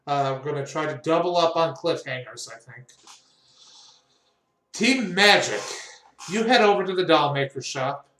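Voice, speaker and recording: A man's voice: fairly high pitch, moderate pace, pauses often, fairly bright tone, reverberant, slight background noise. A man narrating as game master of a tabletop game, loose and rambling with fillers.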